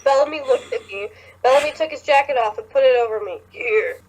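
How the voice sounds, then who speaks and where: A woman co-hosting a podcast who reads fan fiction aloud in a rushed, joking way and laughs often. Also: high voice, darkish tone, poor audio. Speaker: podcast co-host.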